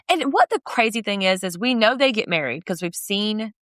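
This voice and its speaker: Animated woman co-hosting a podcast. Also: medium pitch, moderate pace, no echo, studio quality. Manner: animated, slips into quoted voices. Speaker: podcast co-host. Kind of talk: casual recap chat.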